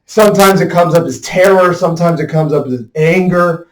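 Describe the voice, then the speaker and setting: A man's voice: on the high side, normal speed. Swearing man venting in an echoey room. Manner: swears heavily, vents frustration in bursts. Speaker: self-expression video maker. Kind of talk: raw emotional monologue. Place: room indoors. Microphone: headphones with mic.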